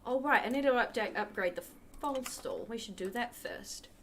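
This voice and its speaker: A woman's voice: on the high side, moderate pace, fairly bright tone, a little hiss or hum. Chatty woman streaming a game. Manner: chatty, talks to the chat while playing. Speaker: livestream host. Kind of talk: casual gameplay commentary.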